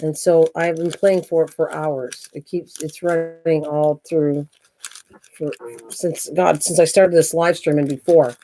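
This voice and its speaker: A woman's voice: sits low, flat delivery, unhurried, mellow, a little hiss or hum. An older woman hosting a craft channel on a live stream at home, chatting in a rambling, self-mocking way and laughing easily.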